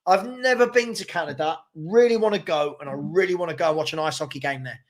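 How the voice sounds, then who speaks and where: A man's voice: on the high side, fast. A man hosting a casual livestream, rambling, repeating words and reading out viewer comments. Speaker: fan channel host.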